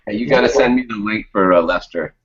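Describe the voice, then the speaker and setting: A man's voice: on the low side, fast talker, noisy background. A man joining a casual video chat as a guest, easygoing and joking. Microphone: video call. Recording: muffled lo-fi web stream.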